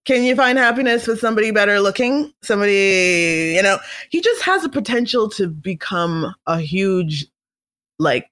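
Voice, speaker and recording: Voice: mid-range voice, animated, normal speed, fairly bright tone. A vlogger in a casual, chatty monologue, opinionated and playful, now and then slipping into comic voices. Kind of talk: casual celebrity gossip monologue.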